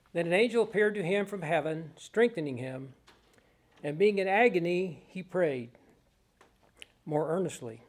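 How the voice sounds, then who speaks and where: A man's voice: fairly high pitch, a little mellow. Solemn man reading scripture. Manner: measured, solemn reading with pauses. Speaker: scripture reader. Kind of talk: Bible reading.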